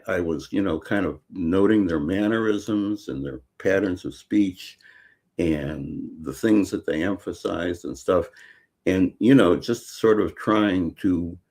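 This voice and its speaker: Low-voiced older man, halting chat. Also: darkish tone. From Chicago. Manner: halting, many fillers and restarts. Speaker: guest author. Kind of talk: casual interview conversation.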